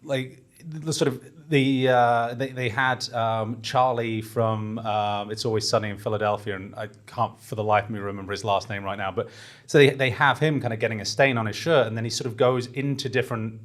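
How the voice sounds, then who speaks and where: A man's voice: mid-range voice, fairly even intonation, fairly quick, fairly bright tone. A man talking through ads in a casual panel chat, with lots of fillers and restarts. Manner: hesitant, many fillers and restarts. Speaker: podcast panelist.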